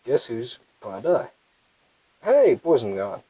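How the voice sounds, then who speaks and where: A man's voice: medium pitch, very animated, takes it slowly, dark tone, husky, dry recording, poor audio. A young man with a thick Southern US accent, rambling and self-deprecating as he comments casually on his gameplay. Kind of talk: casual let's play commentary.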